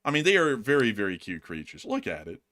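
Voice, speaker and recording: A man chatting casually on a livestream with a bright, forward voice. His pitch moves around a lot, and he keeps breaking into laughter as he jokes with his co-host. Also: wildly swooping pitch, quick pace. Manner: laughs often, jokey.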